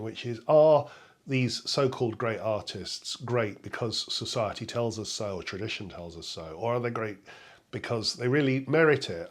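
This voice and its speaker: A man with an English accent, giving an enthusiastic and explanatory lecture on music analysis while thinking aloud. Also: medium pitch. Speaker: music professor. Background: piano music.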